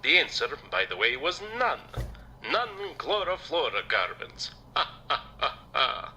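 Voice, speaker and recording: A smug, preachy vampire lectures with theatrical flair in a comedy game. The voice is bright and sharp and swings widely in pitch. Faint noise sits under the recording. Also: male voice, sing-song, unhurried, exaggerated voice, low-quality recording. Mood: lecturing. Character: preachy eco-minded male vampire, smug.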